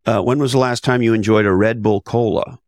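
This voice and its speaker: A man speaks on the low side with a darkish tone, fairly even intonation, and a fairly quick pace, recorded cleanly in the studio with no room sound. A podcast guest, author and business advisor, he comes across blunt and emphatic in a conversational interview, with rhetorical questions and casual swearing.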